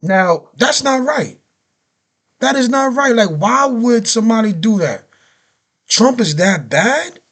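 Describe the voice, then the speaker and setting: Man with a high voice, AAVE speech, heated reaction rant, repeats points, fires off rhetorical questions. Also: slow pace. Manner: animated, ranting, repeats himself, rhetorical questions. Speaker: reaction video host. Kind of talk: heated political reaction commentary.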